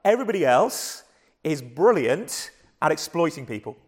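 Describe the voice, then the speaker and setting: A hoarse man with an English accent, preaching a sermon in an earnest, conversational way with frequent repeated starts. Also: fairly high pitch, big pitch swings, moderate pace, in a large hall. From England. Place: church.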